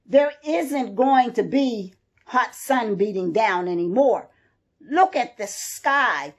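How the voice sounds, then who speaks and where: Storybook hen, worried and fussing, slow-paced and a little low, read by a woman. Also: expressive. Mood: alarmed. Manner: urgent, fussing. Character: worried hen spreading alarm.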